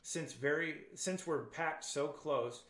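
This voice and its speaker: A man reading aloud the lines of a serene, faithful young woman prisoner, calm and matter-of-fact, in an echoey room. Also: a little high, takes it slowly.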